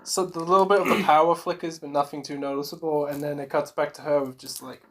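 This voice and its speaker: A man's voice: on the high side, fairly even intonation. A man casually recapping a horror movie on a podcast, rambling with lots of fillers and acting out lines from the film. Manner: rambling, filler-heavy, acts out characters in quick impressions. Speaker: podcast co-host.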